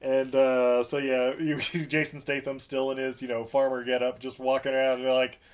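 A young man casually recapping a movie for a podcast, joking and laughing, slipping into quick character voices. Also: mid-range voice, level tone.

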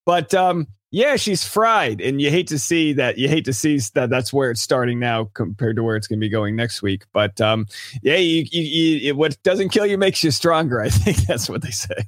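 A man's voice: medium pitch, animated, normal speed, dry recording, clean studio sound. A man guesting on a casual recap chat, rambling with restarts and frequent laughs.

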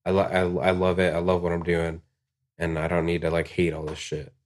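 Deep low-voiced guy, tattoo artist on a podcast, chill and swears a lot, lots of "like". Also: completely flat delivery, fairly quick. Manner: laid-back, swears a lot, many "like" fillers. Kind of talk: casual podcast chat. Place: tattoo shop podcast studio.

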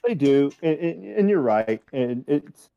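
A man's voice: medium pitch, lively intonation, unhurried, mellow, smooth, muffled recording. A man co-hosting a podcast in casual chat, rambling and repeating words as he thinks. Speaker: podcast co-host.

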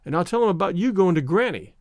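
Man reading, doing a bossy proud big sister, snooty and sharp-tongued, bouncy high voice, dry sound. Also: animated, fast, no room sound. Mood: scornful. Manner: imperious, scornful. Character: proud, quick-tempered young woman, elder sister.

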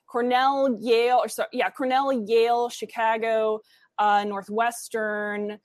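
A woman with an upper Midwestern accent, a podcast guest from the DC area, talking casually and haltingly with many fillers. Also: a little high, flat delivery, dry recording, clean studio sound. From Washington D.C. area.

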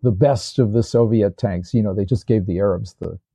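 A man's voice: fairly low pitch, moderate pace, vocal fry, dark tone, slightly rough, no room sound. An older man, a former tank commander, telling his stories as an interview guest in a rambling way, with restarts and fillers. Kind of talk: casual interview storytelling.

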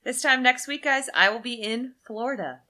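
This is a woman co-hosting a podcast in casual chat. Her voice is bright and crisp, and she sounds easygoing and amused. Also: on the high side, moderate pace. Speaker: podcast co-host.

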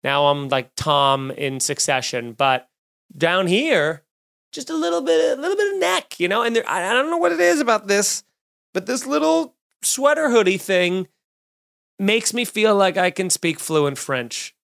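A man in his thirties hosting a podcast alone, doing a sarcastic comedic monologue with loud bursts and muttered asides. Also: high voice, lively intonation, a little slow, gravelly. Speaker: podcast host. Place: home studio, recording alone.

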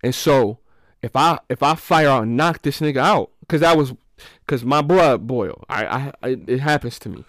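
A man's voice: mid-range voice, normal speed, dry recording, clean studio sound. A man co-hosting a casual podcast, telling stories and acting out what people said. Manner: animated storyteller, acts out quotes. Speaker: podcast co-host.

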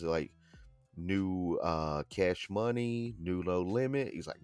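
A man's voice: low voice, measured pace, clean tone, no room sound. A man co-hosting a podcast in casual chat, telling stories and acting out quotes. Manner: animated storyteller, acts out quotes. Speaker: podcast co-host.

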